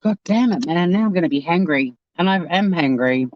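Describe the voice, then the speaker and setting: A woman's voice: lowish voice, lively intonation, brisk, no room sound, muffled recording. A woman vlogging from inside her car, ranting in exasperation and swearing freely. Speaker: YouTuber. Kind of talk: casual vlog rant.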